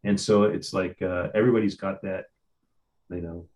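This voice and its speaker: Midwestern male host, slightly low pitch, casual storyteller who repeats himself. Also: fairly even intonation, moderate pace, a little mellow. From Ohio. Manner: chatty storyteller, stammers and repeats. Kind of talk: casual interview chat.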